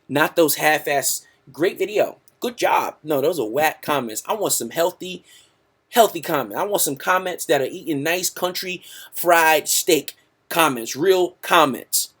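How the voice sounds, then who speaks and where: A man hosting a sales webinar, hyped and salesy, tacking "right?" onto nearly every sentence and calling his listeners "guys". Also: a little high. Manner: hyped, repeats "right?" constantly; salesy, pumped, talks to the audience as "guys". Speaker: webinar host.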